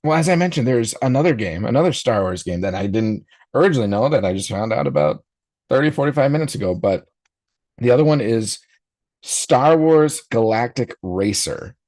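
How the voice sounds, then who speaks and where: A man's voice: mid-range voice, very animated, fairly quick, darkish tone, dry recording. A man in his forties hosting a live podcast reaction stream, talking casually and rambling with frequent fillers. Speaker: podcast host.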